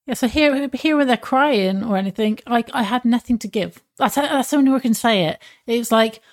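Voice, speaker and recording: A woman with a fairly high voice, talking in a relaxed podcast chat. Her speech is halting, full of restarts and searches for the right word. She is open and emotional. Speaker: podcast co-host. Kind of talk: casual chat.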